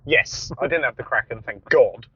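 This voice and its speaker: A man's voice: mid-range voice, normal speed, bright, forceful tone, breathy edge, no echo, dull audio. A man co-hosting a casual podcast, chatty and laid-back with casual swearing. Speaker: podcast co-host. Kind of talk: casual chat.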